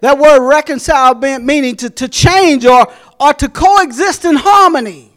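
A middle-aged man preaching a sermon as pastor, folksy and joking with the congregation, fervent and at times shouting. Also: very high-pitched, normal speed.

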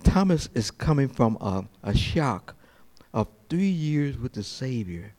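A man preaching a sermon as pastor, jumping from slow, hushed quoted lines to high, lively preaching and often repeating his words. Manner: repeats words and restarts phrases.

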